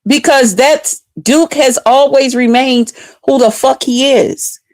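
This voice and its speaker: A woman's voice: high voice, slow pace, a little mellow, no room sound. Black woman talkin to her viewers, emotional, cusses a lot, dry close sound. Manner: emotional, tearful at times, swears freely. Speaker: vlogger. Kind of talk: casual storytelling to viewers.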